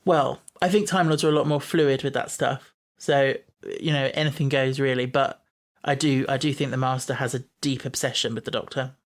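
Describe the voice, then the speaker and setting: A man's voice: mid-range voice, fairly even intonation, normal speed, few pauses. A man hosting a podcast, chatting casually, musing aloud and laughing easily. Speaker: podcast host. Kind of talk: casual chat.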